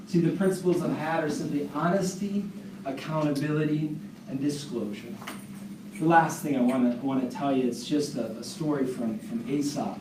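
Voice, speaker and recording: A man giving a live talk to an audience, speaking fast and earnestly, with animated storytelling. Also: on the high side. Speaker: speaker at a parents' seminar. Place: large room with an audience. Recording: echoey room from a distance, noisy.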